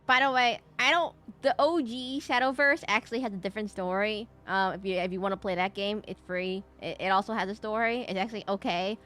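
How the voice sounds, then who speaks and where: Chatty woman streamer with a bright voice. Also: mid-range voice, fairly even intonation, brisk, hardly any pauses. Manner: chatty, laughing, distracted. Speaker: game streamer. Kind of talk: live gameplay commentary.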